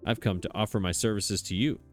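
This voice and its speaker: A man's voice: fairly low pitch, fast talker, faint music behind, voice pushed down, natural voice. A man voicing a condescending middle-aged father in a farming video game, speaking stiffly to his son.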